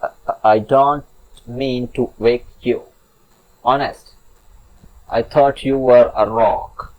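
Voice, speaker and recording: A man's voice: mid-range voice, fairly even intonation, lo-fi sound, lightly acted. A man voicing a tiny, frantic male mouse in a storybook tale, stammering and pleading. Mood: panicked. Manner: stammering, fast nervous pleading. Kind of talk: storybook narration.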